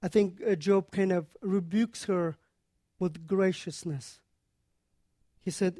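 A preacher teaching on a scripture passage in an earnest, unhurried way, pausing often to explain. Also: mid-range voice, dark tone, no echo, studio quality.

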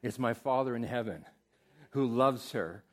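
Middle-aged guy pastor preaching, mid-pitched voice, goes loud and fiery then soft and prayerful. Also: lively intonation, unhurried. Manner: emphatic preaching, swinging from loud exhortation to soft, tender prayer. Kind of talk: sermon.

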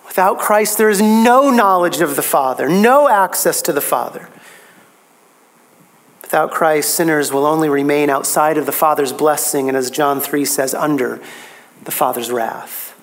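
Emphatic male preacher. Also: moderate pace. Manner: emphatic, rising in pitch on key phrases. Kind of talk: sermon.

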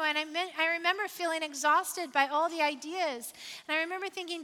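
A woman's voice: extremely high pitch, fairly quick, pushed and bright, long reverb tail. A woman pastor preaching a sermon, conversational and personal, building to emphatic repeated refrains.

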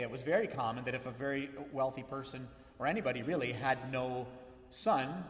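A man preaching a sermon as pastor, swinging from hushed, soft lines to loud, high-pitched peaks. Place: church sanctuary. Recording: echoey hall with long reverb.

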